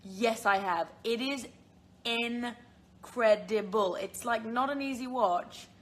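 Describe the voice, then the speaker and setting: A woman's voice: on the high side, slow pace, fairly bright tone. A young woman with a British accent, chatting casually on a live stream from her phone, rambling with lots of fillers and giggles. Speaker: live-stream host answering viewer questions.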